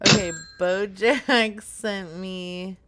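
A woman co-host in loose, casual chat, unhurried and drawling. She giggles between lines, curses without a second thought and lets her words sink to a mumble. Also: medium pitch, fairly even intonation, fairly bright tone. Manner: giggly, swears freely, drops to mumbles. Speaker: podcast co-host.

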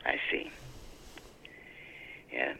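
A woman's voice: very slow, bright, forceful tone, in a whisper. An older woman answering a prank call, polite and hesitant, repeating herself. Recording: muffled phone line.

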